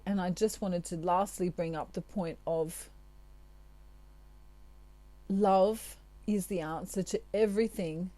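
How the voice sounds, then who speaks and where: A lower-pitched woman with a dark, mellow tone talks gently and chattily to her viewers, offering spiritual advice with casual asides. Her voice is close to the mic in a dry, dead room. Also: dry recording. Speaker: tarot reader.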